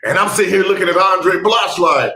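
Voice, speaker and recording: A man hosting a podcast, telling a comic story with bursts of laughter, shouted punchlines and mouthed sound effects. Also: sits high, a little fast, echoey room. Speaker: podcast host. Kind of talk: comedic storytelling.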